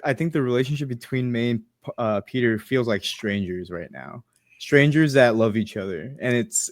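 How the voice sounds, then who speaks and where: A man co-hosting a casual podcast, earnestly reading comic book dialogue aloud in a soft voice. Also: mid-range voice, no room sound, clean studio sound. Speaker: podcast co-host.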